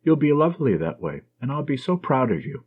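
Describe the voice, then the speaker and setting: A man narrates an audiobook in the role of a playful, fond young nurse, his husky mid-range voice slightly raised and bouncing lively in pitch. He reads fairly quickly, and the lo-fi recording sounds dull. The feeling is tender.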